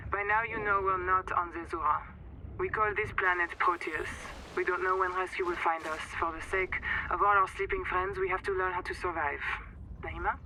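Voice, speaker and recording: An actress with a French accent voicing a calm, wary woman surgeon who briefs a stranded castaway in a video game, in an earnest, measured way. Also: lowish voice, a little hiss or hum, poor audio. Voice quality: measured, earnest warning delivery. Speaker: game character, colony surgeon.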